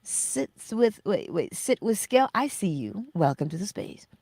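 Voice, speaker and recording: A middle-aged woman hosting a motivational livestream, speaking slowly and emphatically and often dropping to a breathy whisper. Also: mid-range voice, big pitch swings, darkish tone, no echo, studio quality. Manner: acts out her own self-talk in little voices. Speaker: livestream host.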